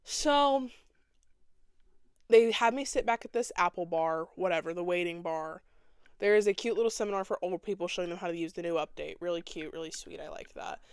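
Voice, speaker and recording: A woman's voice: fairly low pitch, smooth, no echo. A young woman hosting a podcast, telling a story in a casual, dramatic and sassy way and acting out the people in it. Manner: dramatic, sassy, acts out other people's lines. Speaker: podcast host.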